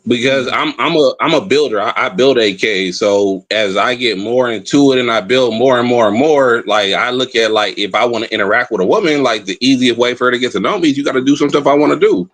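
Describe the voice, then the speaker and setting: A man's voice: medium pitch, a little fast, few pauses, a bit bright, dry recording, rough recording. A man from Southern California with a local accent, chatting casually on a call-in show and rambling with lots of repeated words. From Inland Empire, Southern California. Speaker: caller.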